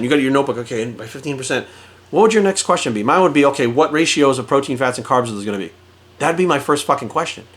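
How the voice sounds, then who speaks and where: A man's voice: on the high side, fairly bright tone. A middle-aged man and fitness coach ranting bluntly to camera, swearing constantly and acting out quoted exchanges as he tells a story. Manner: blunt, heavily profane, storytelling with quoted voices. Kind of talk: profane direct-to-camera rant.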